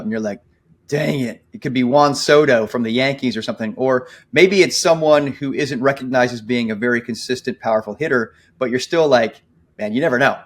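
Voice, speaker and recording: A man in his forties co-hosting a podcast, talking earnestly and reflectively and acting out his own inner thoughts. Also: mid-range voice. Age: 40s. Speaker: podcast co-host. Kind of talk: casual podcast conversation.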